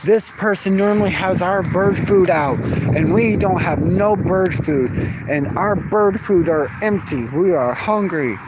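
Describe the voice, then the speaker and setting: Hungry backyard birds whine about their empty feeder in a slightly raised, complaining voice, as a man puts them on. The delivery is slow and sulky. The grumbling stays petulant throughout. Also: high-pitched, noisy background, voice pushed up.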